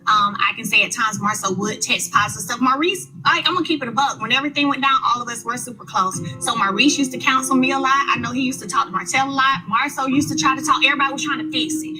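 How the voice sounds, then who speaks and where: Fast, high-voiced woman arguing. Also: sharp tone, soft background music, low-quality recording. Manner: defensive, emphatic. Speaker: reality show cast member. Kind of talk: heated reunion argument. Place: TV reunion stage.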